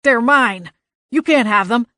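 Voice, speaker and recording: Lady narrator doing a tiny furious leprechaun guy, yelling and grabby, loud bratty demands in a dry close audiobook read. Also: mid-range voice, animated, moderate pace, husky, dry recording. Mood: demanding. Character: small angry male leprechaun, shouting and demanding.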